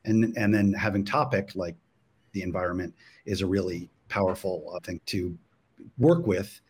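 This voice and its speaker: A man with a lowish voice talks about his work in a steady, reflective way. He is a guest on a casual interview show. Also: moderate pace, slightly rough. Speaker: cartoonist guest.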